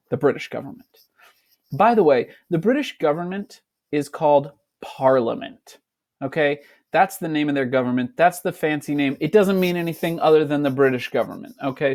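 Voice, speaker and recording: Guy teacher walking kids thru a reading, bit higher voice, jumps into silly voices. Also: darkish tone. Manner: breaks into quick, playful voices for kids and colonists. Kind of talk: reading a passage aloud and explaining it to kids.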